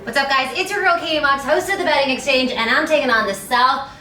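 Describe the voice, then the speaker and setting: A woman's voice: high-pitched, fast talker, reverberant, distant mic, crowd noise. A young adult woman hosting a betting show, giving sports picks in a playful, upbeat, jokey way.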